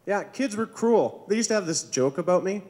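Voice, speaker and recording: A man's voice: high-pitched, animated, a little fast, a little mellow. A man doing a stand-up comedy set on a club stage, with awkward, self-deprecating jokes that he chuckles at himself.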